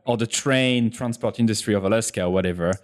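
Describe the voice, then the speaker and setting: A man's voice: on the low side, fast talker. A man hosting an interview in casual chat, hesitant and often restarting his phrases. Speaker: host, interviewer.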